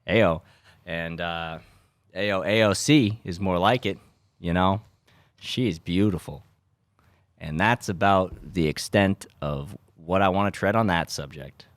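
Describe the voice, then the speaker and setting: A young man, a podcast host rambling in a sarcastic deadpan way with lots of filler words. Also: deep voice, a little slow, no room sound. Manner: dry sarcastic delivery with frequent filler words. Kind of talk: rambling deadpan comedic monologue.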